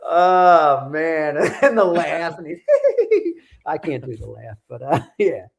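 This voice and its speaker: A man's voice: a little high, huge pitch swings, drawn-out words, creaky. A man hosting a show, chatting casually in crude, rambling banter and laughing often. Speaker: show host. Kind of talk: casual podcast chat.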